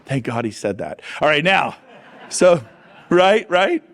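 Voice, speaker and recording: Punchy, energetic man coaching a crowd. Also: on the high side, slow pace. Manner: energetic, punchy, quizzes audience. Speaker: real estate coach on stage. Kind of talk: motivational conference talk.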